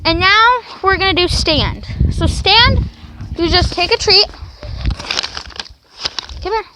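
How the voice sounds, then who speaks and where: Woman vlogger, very high voice, coaxing dog-training demo, faint background hiss. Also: slow. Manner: coaxing commands to a dog between explanations. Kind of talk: casual training demonstration.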